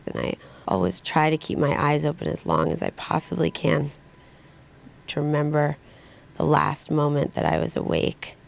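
A young woman recording a reflective audio diary in a hospital room, speaking quietly and matter-of-factly. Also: deep voice, lively intonation, moderate pace, gravelly. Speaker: patient keeping an audio diary.

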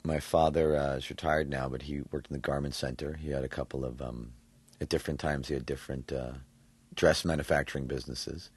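A man from New York, a voice actor, answering interview questions in an animated way, laughing often and thinking aloud with fillers. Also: a bass voice, fairly quick, slightly rough. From New York, USA. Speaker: voice actor guest.

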